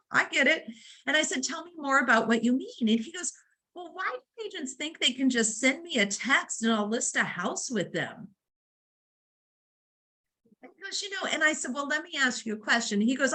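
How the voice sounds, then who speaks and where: A woman delivers a real estate training talk in a bright, somewhat high voice. She is conversational, leans on fillers, and brings her stories to life by voicing each side of the dialogue. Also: rough recording. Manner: storytelling, acts out dialogue; conversational, uses fillers like um and right.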